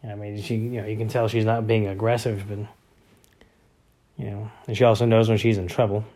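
A father in his thirties talks casually about home life, wandering from thought to thought with plenty of fillers. His voice sits low and stays fairly level in pitch. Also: level tone, fairly quick, mellow. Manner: rambling, many fillers and restarts. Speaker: father of young boys. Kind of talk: casual family vlog talk.

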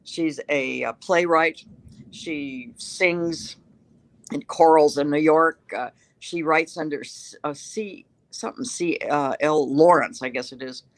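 A woman's voice: deep voice, takes it slowly, no room sound. An older woman, a guest writer, telling stories in a chatty, self-mocking way during a casual interview. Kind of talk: casual interview chat, storytelling.

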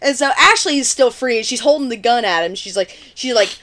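Podcast co-host, woman, lively sing-song delivery, highish voice, acts out the lines as she retells the story. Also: a little fast. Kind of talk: casual movie recap chat.

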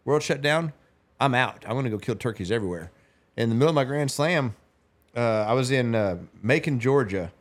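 A man's voice: mid-range voice, lively intonation, brisk. A man, telling a long story as a podcast guest, rambling and laughing as he goes. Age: 40s. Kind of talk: casual storytelling.

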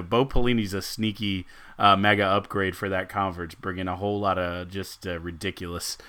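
A man's voice: fairly low pitch, sharp tone. A man co-hosting a sports podcast, rambling and joking in casual chat and laughing often. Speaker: podcast co-host.

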